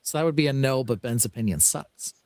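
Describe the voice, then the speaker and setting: A man hosts a podcast in a casual, bantering way, running polls and teasing with mock-serious asides. His voice is mid-pitched and sits dry and close. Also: brisk, a little mellow, dry recording. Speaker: podcast host.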